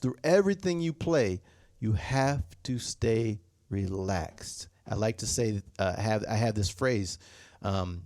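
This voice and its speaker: A man's voice: medium pitch, darkish tone, no echo, studio quality. A man teaching drum technique, patiently repeating points and singing rhythms as "da, da". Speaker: drum instructor. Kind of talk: instructional demonstration. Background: snare drum playing.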